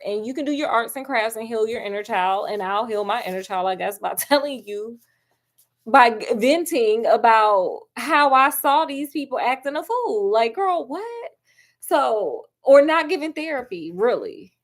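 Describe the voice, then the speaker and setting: Brief: lively woman vlogger chatting through a movie review, higher-pitched voice. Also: moderate pace. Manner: animated, chatty, calls viewers girl and honey. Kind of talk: casual chatty film review.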